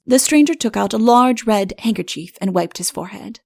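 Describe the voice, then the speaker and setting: Woman reading a fairy tale audiobook, wry and lively, some gravel in her voice. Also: fairly high pitch, a little fast, hardly any pauses. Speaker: audiobook narrator. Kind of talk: scripted storybook narration.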